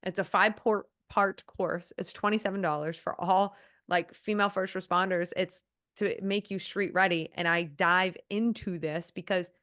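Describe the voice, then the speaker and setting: Blunt woman, lowish voice. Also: steady tone, moderate pace, fairly bright tone. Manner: blunt, emphatic, with casual swearing. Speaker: guest, former police officer and coach. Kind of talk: casual interview talk.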